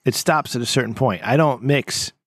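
A man's voice: medium pitch, normal speed, a bit bright, slightly rough, dry recording, clean studio sound. A man co-hosting a casual podcast, drinking and rambling through crude banter with lots of swearing. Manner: rambling, profane, breaks into big laughs. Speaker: podcast co-host.

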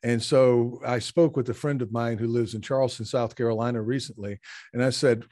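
A man's voice: medium pitch, brisk, mellow, no echo. Hesitant male podcast host, dry sound. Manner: hesitant, many uh fillers, thoughtful. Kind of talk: conversational interview. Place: Tokyo.

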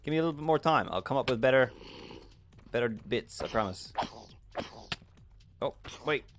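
A man's voice: mid-range voice, lively intonation, moderate pace, a little hiss or hum. Jokey man narrating his gameplay. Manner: jokey, self-deprecating, yelps at in-game surprises. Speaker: gaming video host. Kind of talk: let's play commentary.

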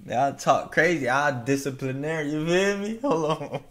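A man hosting a reaction video, laughing often and repeating the lines he hears back in excitement. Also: on the high side, moderate pace. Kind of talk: casual reaction commentary.

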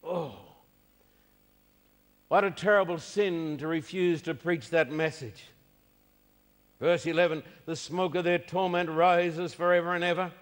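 A man's voice: a little high, steady tone, normal speed, big-room sound. A man preaching a sermon, emphatic and repeating his key phrases.

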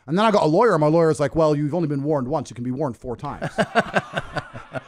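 A man from England telling a story on a podcast, boastful and animated, laughing often. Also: a little high, brisk. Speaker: guest.

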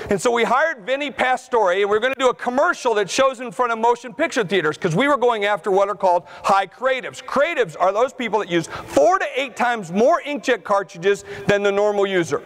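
Brash high-voiced man giving a keynote. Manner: brash, punchy storytelling with shouted outbursts. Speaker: keynote speaker. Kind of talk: conference keynote talk. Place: conference hall before a live audience.

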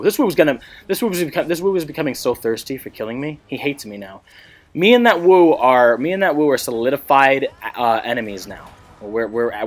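A young man giving excitable gameplay commentary, swearing often and laughing a lot. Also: mid-range voice. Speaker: gamer.

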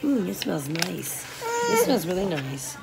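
A woman's voice: on the low side, very animated, a little slow, creaky, over loud music. A woman hosting a casual unboxing vlog at home, reading product names aloud, exclaiming and laughing, and scolding interrupting children. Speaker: vlog host unboxing a subscription box. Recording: noisy home recording with children talking over.

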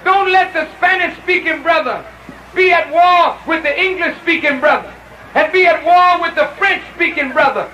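A minister giving a fiery speech to an outdoor rally, with impassioned, repeated calls that often break into shouting. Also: male voice, extremely high pitch, moderate pace, slight background noise. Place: outdoor rally through loudspeakers. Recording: echoey lo-fi 1970s rally recording.

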